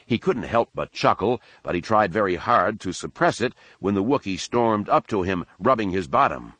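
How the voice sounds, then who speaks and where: Man, audiobook narration, low voice, dry studio sound, steady pacing. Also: normal speed, slightly rough, dry recording. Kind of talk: scripted narration.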